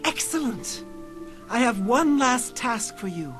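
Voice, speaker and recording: An actress playing a cool, scheming female thief guild leader in a video game, measured and commanding, heard with music behind. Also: fairly high pitch, lively intonation, a bit bright. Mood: businesslike. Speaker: game character.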